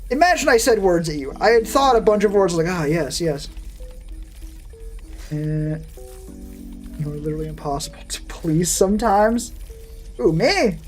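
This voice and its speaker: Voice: mid-range voice, animated, moderate pace, a little mellow, faint music behind. A VTuber streamer chatting casually with a live audience and answering chat, with a sardonic, profane, rambling manner.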